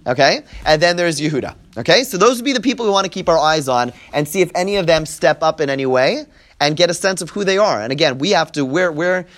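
Middle-aged guy teaching a class, kinda high voice, reads hebrew lines then explains, repeats himself a lot. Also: animated, quick pace, a bit bright. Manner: explanatory, repeats words, translates Hebrew text line by line. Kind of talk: classroom Torah lesson.

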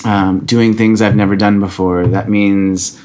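A man hosting a podcast, talking in a relaxed, reflective, slightly rambling way. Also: fairly low pitch, measured pace. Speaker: podcast host. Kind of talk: casual podcast conversation.

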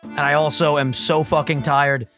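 A young man co-hosting a casual podcast, hoarse from screaming, loud and swearing as he jokes around in a basement. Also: a little high, little pitch movement, soft background music. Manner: loud, swearing, jokey, quick. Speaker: podcast co-host. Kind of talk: casual profane podcast banter. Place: basement at a kitchen table.

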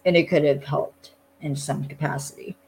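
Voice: mid-range voice, steady tone, moderate pace, background noise. A podcast host casually recapping a TV episode, loose and rambling with lots of "like" and some blunt swearing.

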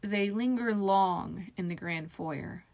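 A sly old magic mirror spirit, put on by a woman reading an audiobook, mocking and harsh, slipping into teasing sing-song and hushed whispers. The voice has a gravelly, fry-edged grain. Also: mid-range voice, takes it slowly. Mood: haughty.

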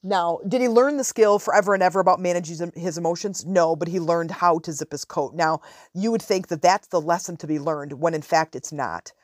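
A woman's voice: on the low side, no echo, clean studio sound. A woman in her forties telling a parenting story in a frank, casual monologue as a podcast host. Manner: frank, conversational, drawn-out emphasis.

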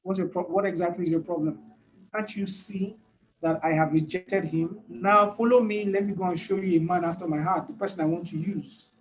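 A man speaking as God, a stern male voice that rebukes briskly and impatiently. The tone is high for a man and pressing, urging the listener to move on. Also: steady tone, lo-fi sound, lightly acted.

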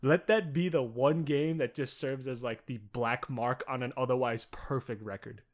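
A young man co-hosting a podcast, chatting casually in a rambling way. He leans on fillers and restarts his sentences, and he swears freely. His voice sits at a middle pitch. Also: steady tone, normal speed. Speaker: podcast co-host. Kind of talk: casual chat.

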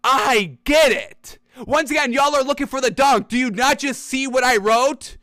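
A man's voice: very high-pitched, moderate pace, bright, forceful tone, no echo. A man hosting a sports talk show, ranting emphatically to camera and repeating his points. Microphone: camera mic.

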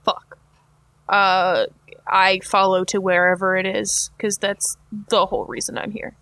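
A woman's voice: mid-range voice, level tone, unhurried, gravelly, fairly bright tone, dry recording. A woman playing a tabletop game, speaking casually and hesitantly with many fillers. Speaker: player.

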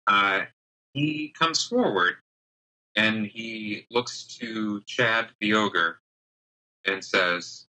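A male game master narrates a tabletop game, pausing often and filling the gaps with ums and uhs. His voice is very bright and forceful. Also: lowish voice, rough recording. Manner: halting, many fillers.

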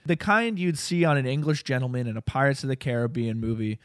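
A man's voice: mid-range voice, lively intonation, fast talker, dry recording, clean studio sound. A man co-hosting a casual comedy podcast, explaining a topic with jokes and lots of filler words. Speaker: podcast co-host presenting a topic.

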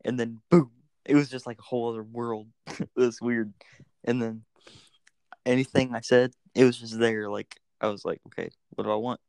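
A man's voice: medium pitch, steady tone, normal speed, darkish tone, clear, resonant tone, no echo. A man chatting casually as a podcast guest, telling stories loosely with lots of fillers. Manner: loose, filler-heavy storytelling. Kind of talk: casual chat.

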